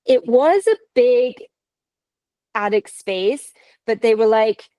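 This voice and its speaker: A woman in her thirties from Canada, telling a ghost-hunt story in an animated, chatty way, laughing often and quoting others. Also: fairly high pitch, slow pace, dry recording. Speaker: paranormal investigator guest. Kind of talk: casual storytelling.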